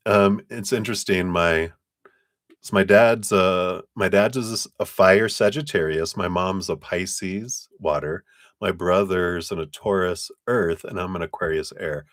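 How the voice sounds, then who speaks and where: A man with a very deep voice gives a casual live tarot reading at an easy, unhurried pace. He talks in loose, trailing phrases and laughs often. The sound is dry and close. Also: fairly bright tone, no echo. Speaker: tarot reader on a live stream.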